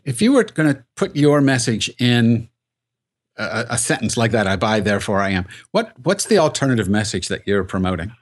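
A man's voice: on the low side, big pitch swings. Thoughtful male radio interviewer. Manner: thoughtful, measured questioning.

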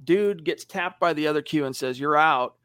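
A man's voice: fairly high pitch, a little fast, dry recording, studio quality. A man co-hosting a casual sports podcast, reading out viewer comments and telling stories with acted-out quotes. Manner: animated storyteller, acts out quotes. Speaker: podcast co-host reading live chat.

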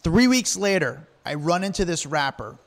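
Man, gravelly voice, slightly high pitch, casual storytelling, animated. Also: moderate pace. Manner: animated anecdotes, acts out quoted lines, laughs often. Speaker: guest telling stories.

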